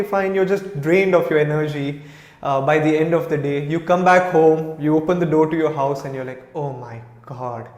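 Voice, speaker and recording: In a room with long, echoing reverb, a man in his thirties speaks as a monk with an Indian accent, sharing stories in an informal spiritual talk. He acts out quoted lines and says "you know" often, his voice a little high and a little mellow.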